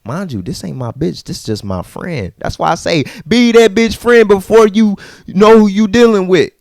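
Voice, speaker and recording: A man hosting a podcast, telling a story in a casual, animated and profane way and acting out the people in it. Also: high-pitched, normal speed, creaky, no room sound, studio quality. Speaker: podcast host.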